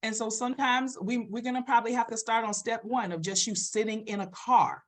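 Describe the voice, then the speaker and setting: A woman's voice: fairly high pitch, brisk. A woman, a therapist talking directly and emphatically on a live show, answering viewers. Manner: emphatic, direct, swings loud and animated; reads and answers viewer comments. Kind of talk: live-stream chat with viewers.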